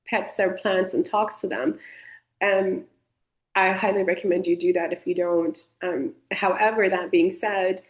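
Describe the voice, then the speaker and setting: A woman's voice: on the low side, darkish tone. A woman leading a group coaching session over a video call, speaking playfully and encouragingly and often calling out to everybody. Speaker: somatic coaching instructor. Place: indoor room. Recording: roomy echo.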